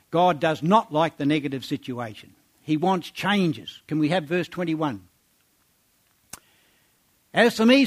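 This sermon features a man reciting scripture and challenging his listeners with rhetorical questions. He sinks into a soft, low tone for his words of praise.

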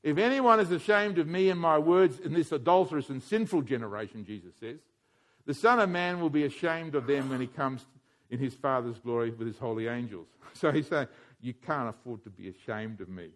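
A man preaching a sermon, moving from quiet reflection to loud, fervent exhortation and leading his congregation in call-and-response. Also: mid-range voice, lively intonation, fairly quick.

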